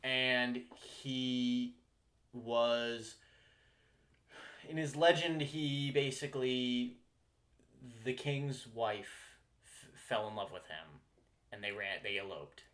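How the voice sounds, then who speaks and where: A man's voice: mid-range voice, fairly even intonation, slow, long pauses, fairly bright tone. A man co-hosting a podcast, chatting casually, swearing freely and laughing often in exasperated banter. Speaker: podcast co-host.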